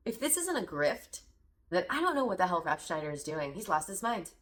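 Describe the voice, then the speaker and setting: A woman's voice: lowish voice, big pitch swings, a little fast, a bit bright. A woman hosting a podcast, reacting to a clip with indignant, sarcastic, profane commentary. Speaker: podcast host.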